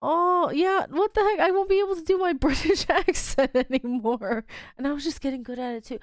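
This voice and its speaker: A woman's voice: high-pitched, fairly quick, few pauses, no room sound, clean studio sound. A woman streamer reacting live to a fan game, exclaiming often, laughing and sighing between her remarks.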